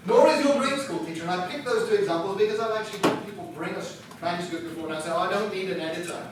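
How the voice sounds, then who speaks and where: Rapid-fire and high in pitch, a male publisher presents a workshop on writing a book with chatty, self-deprecating humor. Heavy background noise accompanies the instructional talk, recorded from a distance in an echoey room.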